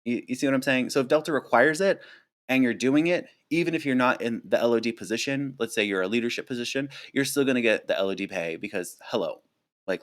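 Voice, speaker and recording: A man casually answering viewer questions on a live stream, chatty and animated, with lots of fillers and restarts, speaking close to a desk mic at home. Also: mid-range voice. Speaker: flight attendant streamer.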